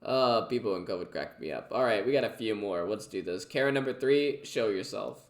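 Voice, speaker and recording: A man's voice: on the low side, lively intonation, brisk, echoey room. A man casually reacting to clips, chatty and full of fillers. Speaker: reaction video host.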